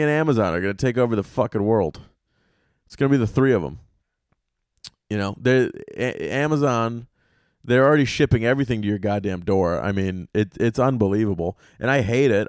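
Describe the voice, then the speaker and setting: A man hosting a podcast in a casual monologue, rambling and swearing through animated stories. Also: medium pitch, dry recording, clean studio sound. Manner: profane, rambling, animated storytelling. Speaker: podcast host.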